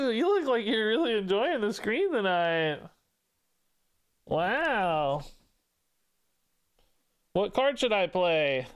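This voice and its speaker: Guy streaming a card game, drawn-out unhurried words, cooing baby talk, voice swoops up and down. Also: clear, resonant tone. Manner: coos in baby talk between game commentary; bouncy, sing-song pitch jumps. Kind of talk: casual live-stream chat.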